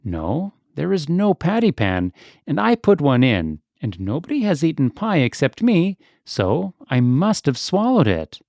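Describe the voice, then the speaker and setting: A man's voice: fairly high pitch, huge pitch swings, unhurried, gravelly, a little mellow, no room sound, studio quality, voice pushed up, exaggerated voice. A man voicing an anxious, fussy female dog guest who whimpers and frets. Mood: fretful.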